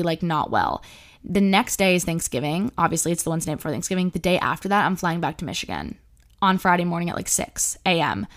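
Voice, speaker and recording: A young woman spins a story for her podcast listeners in a loose, chatty monologue, peppering it with "like" and the odd swear word. Her voice sits a little low for a woman. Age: young adult. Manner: chatty, swears freely, many likes. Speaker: podcast host.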